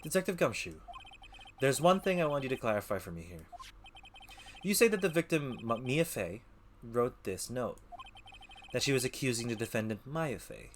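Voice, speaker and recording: A man's voice: medium pitch, expressive, moderate pace, long pauses, slight background noise, lightly acted. A man voicing an earnest young male defense lawyer who presses his questions. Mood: pressing.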